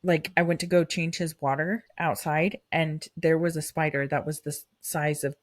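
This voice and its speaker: A woman's voice: low-pitched, steady tone, normal speed, no room sound, clean studio sound. A young woman co-hosting a casual podcast, telling rambling stories with lots of fillers over a remote recording. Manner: rambling storyteller, many fillers. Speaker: podcast co-host. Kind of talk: casual chat.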